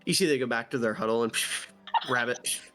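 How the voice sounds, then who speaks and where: A man's voice: mid-range voice, fairly quick, fairly bright tone, faint music behind. A young man narrating a tabletop game as game master, playful and lightly voicing the characters. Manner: playful storytelling, voices orc characters lightly.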